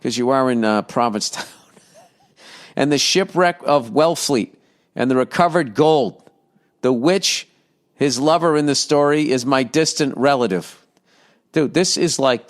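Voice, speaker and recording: A middle-aged man hosting a casual solo podcast. He reads listener letters aloud, breaks off mid-sentence and adds profane, sarcastic jokes. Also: medium pitch. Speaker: podcast host.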